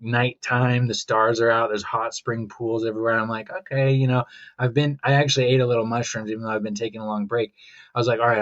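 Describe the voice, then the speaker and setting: Male podcast guest, rambling reflective storyteller, slightly muffled sound. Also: medium pitch. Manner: reflective, rambling, quotes his own thoughts. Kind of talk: casual conversational storytelling.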